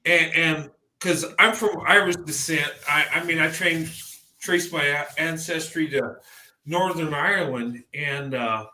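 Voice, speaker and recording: This man's voice sits a little high, pushed and bright, and he takes his time. Hosting a podcast in casual chat, the Southern American speaker rambles and repeats words as he starts each thought, all in a roomy-sounding recording.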